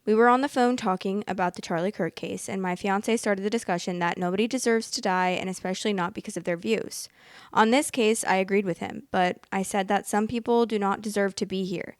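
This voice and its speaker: A woman podcast host reading an online story aloud and then reacting to it, thinking out loud with fillers and restarts. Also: medium pitch, steady tone, brisk, no room sound, studio quality.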